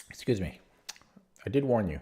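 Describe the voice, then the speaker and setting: A young man streaming chess, thinking his moves out loud, repeating words as he calculates and chatting back to his viewers. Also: lowish voice. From Canada. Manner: chatty replies to viewer chat. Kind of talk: live-stream chess commentary, thinking aloud.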